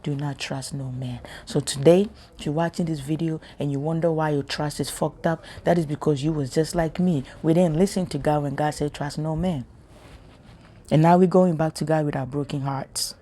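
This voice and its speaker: A woman's voice: low-pitched, fairly even intonation, fairly quick, few pauses, warm tone. A woman giving an earnest, emotional preaching monologue to her viewers, repeating her points with passion. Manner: earnest, impassioned, repetitive. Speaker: spiritual vlogger.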